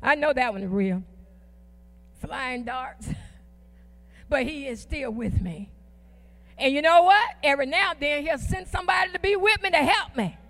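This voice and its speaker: A woman preaching a sermon in a church, with call-and-response and slow, drawn-out emphatic phrases. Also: high-pitched, a bit bright. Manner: folksy, uses "ain't" and "y'all".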